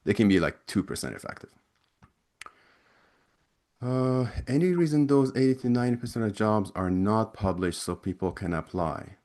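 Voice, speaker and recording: Ex-recruiter type, low voice, loose and chatty with restarts, answering questions over a video call. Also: male voice, expressive, normal speed, a little mellow. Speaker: webinar presenter, ex-recruiter. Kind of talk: casual Q&A from chat.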